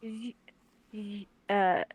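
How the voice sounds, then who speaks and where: A woman's voice: medium pitch, steady tone, extremely slow, breathy edge, dry recording, phone-quality sound. Hesitant woman chatting on stream. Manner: hesitant, rambling. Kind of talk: casual chat while streaming.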